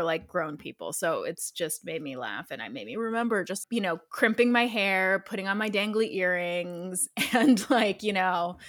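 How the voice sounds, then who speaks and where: Casting note: animated woman co-host from Ohio, quick to laugh. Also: mid-range voice, dry recording, clean studio sound. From Dayton, Ohio. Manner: giggly, joking banter. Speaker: podcast co-host. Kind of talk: casual chat.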